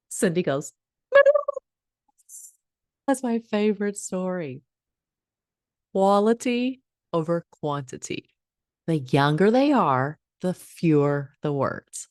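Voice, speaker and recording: Brief: woman host, casual advice talk, lively pitch, acts out examples and laughs a lot. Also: a little slow, pauses often, no room sound, studio quality. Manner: animated, laughs often, acts out little scripts. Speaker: host giving relationship advice.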